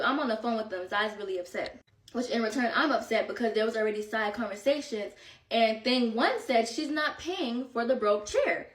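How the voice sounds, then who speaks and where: A woman's voice: fairly high pitch, reverberant, distant mic. A woman telling a vacation drama story in a casual storytime, slangy and exasperated, a bit out of breath. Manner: animated, slangy, exasperated retelling.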